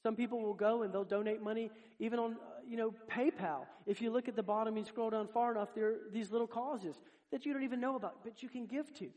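A man with a notably high voice delivers a sermon. He is earnest and direct, and he addresses his congregation as if talking with each of them. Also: fairly even intonation, quick pace, hardly any pauses, a little mellow. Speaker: preacher.

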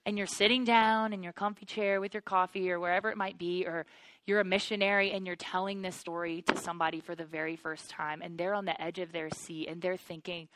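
A woman's voice: lowish voice, fairly quick. A woman teaching through the Bible in an earnest, personal way, calling listeners "you guys" as her wonder grows. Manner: earnest, builds to excited wonder. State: choked up with emotion.

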